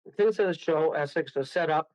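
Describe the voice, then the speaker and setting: A man's voice: a little high, normal speed, lo-fi sound. A man, a guest medium on a radio show, telling a rambling story full of laughs and acted-out quotes.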